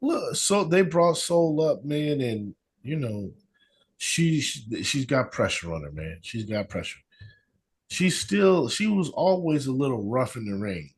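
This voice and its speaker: Husky, lively-voiced man in casual chat. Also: mid-range voice. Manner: measured, repeats his points. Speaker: podcast guest.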